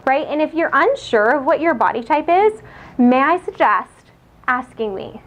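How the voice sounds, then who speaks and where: A woman giving a live lecture on diet and exercise, chatty and lively, asking her audience questions. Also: high-pitched, normal speed. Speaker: nutrition speaker. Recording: muffled lo-fi lecture recording.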